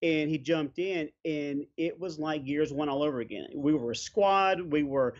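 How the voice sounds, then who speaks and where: A man's voice: fairly high pitch, moderate pace, highs cut off. A man hosting an interview, steering the questions and recounting a gaming session with a friend. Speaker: podcast host.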